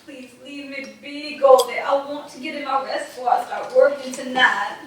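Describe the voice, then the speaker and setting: A woman's voice: sits high, normal speed, fairly bright tone, a little hiss or hum. An actress playing a worn-out sick young woman who refuses to get up, speaking weary and stubborn lines in a stage play. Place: theatre studio. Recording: echoey studio from far off.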